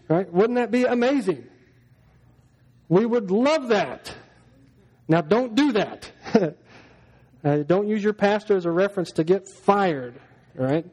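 A man's voice: high voice, expressive, unhurried, long pauses, darkish tone. A man preaching a sermon as pastor, talking to the congregation in a chatty way and acting out everyday scenes in little voices. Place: church hall. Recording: long hall reverb.

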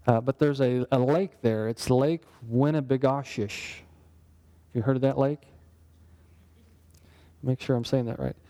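A man with a mellow, relaxed voice leads a Bible study. He talks in an easy conversational way and keeps checking in with his listeners with quick questions. It sounds like a casual teaching session rather than a formal sermon. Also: medium pitch. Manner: conversational, asks the group questions. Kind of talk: interactive sermon.

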